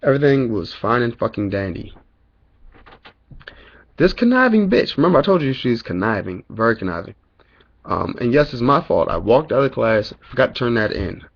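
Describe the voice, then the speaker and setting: Here the young man's voice sits at medium pitch, brisk and creaky, with lively intonation. He's a college student ranting profanely and rambling with plenty of "you know" fillers, captured on a camera mic indoors in a dim room at home, and the sound is lo-fi.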